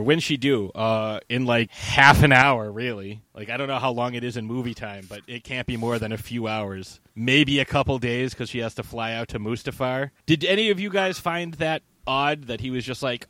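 A man hosting a casual chat, rambling and swearing as he recaps a film. He acts out characters in quick bursts. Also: sharp tone, no room sound. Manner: rambling, profane, acts out characters with big pitch jumps. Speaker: podcast host.

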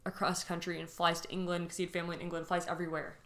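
Young female podcast co-host, low-ish voice, emotional storyteller who trails off mid-sentence. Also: little pitch movement, rapid-fire. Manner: emotional, restless retelling with many fillers and trailing-off phrases. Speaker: podcast co-host telling a true crime case. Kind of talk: casual podcast chat.

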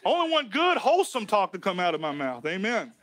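A man preaching a sermon as a pastor, emphatic and folksy, swinging between loud lines and hushed ones. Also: high voice, wildly swooping pitch, fairly quick, dry recording. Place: church sanctuary.

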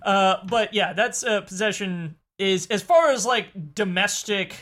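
Bright, rambling podcast co-host. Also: medium pitch, measured pace. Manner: rambling, hesitant with many fillers. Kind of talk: casual chat.

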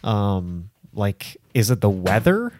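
A man's voice: on the low side, sing-song, takes it slowly, darkish tone, a little hiss or hum. A man co-hosting a podcast, rambling in casual chat with lots of filler words. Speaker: podcast co-host.

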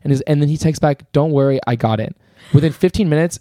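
This young podcast co-host talks fast in a slightly high voice, recorded dry with clean studio sound. Chatting casually, he spins a long, rambling story with animated energy, lots of fillers, and frequent restarts.

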